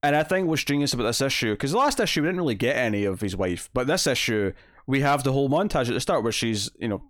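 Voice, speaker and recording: A man's voice: medium pitch, expressive, fast talker, a bit bright, no echo, studio quality. A man co-hosting a casual comic book discussion, rambling with many fillers and restarts, acting out lines as he retells scenes. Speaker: podcast co-host.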